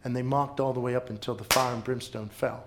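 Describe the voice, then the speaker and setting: A man's voice: mid-range voice, steady tone, fast, background noise. A man preaching a sermon as a pastor, telling stories dramatically and repeating lines for emphasis. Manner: dramatic storytelling with emphatic repetition.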